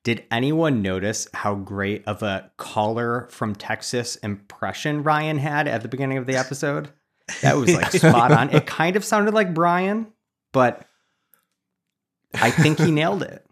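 Man co-host, mid pitch, playful, egging the others on, casual chat. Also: unhurried. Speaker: podcast co-host.

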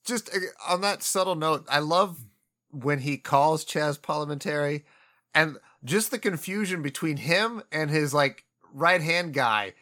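A man casually discussing a comedy film, animated and swearing freely as he retells scenes. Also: on the high side, unhurried.

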